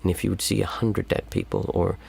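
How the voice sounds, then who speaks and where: A man hosting a meditation stream, answering viewer questions in a calm, reflective, halting way. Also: low-pitched, gravelly. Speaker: meditation teacher and stream host. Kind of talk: livestream Q&A talk.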